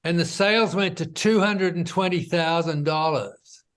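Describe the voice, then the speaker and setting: With a fairly high pitch and an ordinary speed, a male business founder talks through his story in a casual interview. He leans often on "you know" and "right?"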